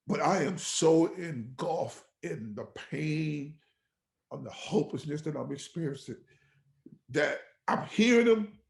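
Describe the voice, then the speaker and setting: A pastor tells a personal testimony on a podcast, acting out the voices he quotes and swinging from loud to near whisper. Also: mid-range voice, creaky, reverberant.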